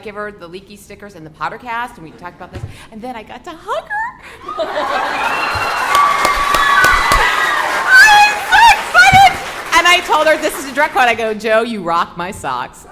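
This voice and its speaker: A woman tells a story to a live crowd with breathless, gushing energy and laughter. Her voice sits a touch high and swings widely in pitch. The recording is noisy, taken at a live event. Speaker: podcast co-host. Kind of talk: excited live podcast storytelling. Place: bookstore event with audience.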